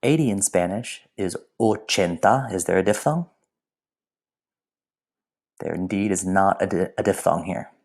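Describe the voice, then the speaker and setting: A man's voice: low-pitched, a little slow, long pauses, darkish tone. A man teaching a recorded language lesson in a playful way, with whispered asides. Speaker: Spanish teacher.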